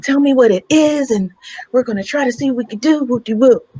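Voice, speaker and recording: A woman's voice: brisk, mellow, slightly rough, no echo. A woman putting on a hospital doctor who speaks in a raised, sugary tone that stays polite while brushing off the request. The voice sits well above the speaker's own and has a syrupy, placating sweetness. The sound is dry and close. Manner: high, sugary, overly polite.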